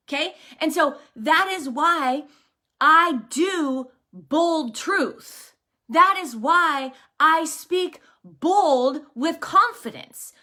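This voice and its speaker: A woman's voice: sits high, pushed and bright. A woman in her thirties giving an impassioned, conversational faith talk to camera, emphatic, earnest and direct. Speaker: faith encourager and business owner.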